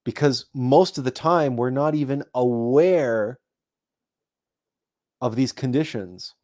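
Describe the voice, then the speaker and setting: A man hosting a spiritual talk show, speaking in a monologue that grows animated as he acts out imagined people. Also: mid-range voice, takes it slowly. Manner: animated storytelling, acting out imagined people in raised voices. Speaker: host.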